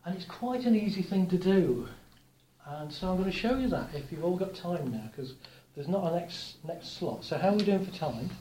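A man giving a relaxed, chatty talk to a live audience, telling anecdotes with gentle humour. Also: sits high, normal speed, reverberant, a little hiss or hum, poor audio. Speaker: workshop speaker.

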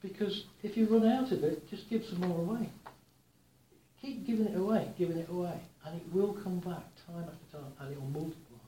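A man's voice: high voice, brisk, roomy sound, slight background noise, low-quality recording. Chatty man talking to a room. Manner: chatty anecdotal, gently humorous. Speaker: workshop speaker. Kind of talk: talk to a live audience.

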